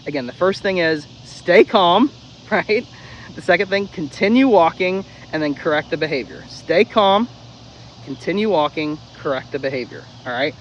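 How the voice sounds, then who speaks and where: A man teaching dog training in a casual, blunt way, his voice sitting a little high. He drills key steps by repeating them and drops the odd swear word. There is faint background noise behind him. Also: animated, normal speed, low-quality recording. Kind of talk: casual instructional talk.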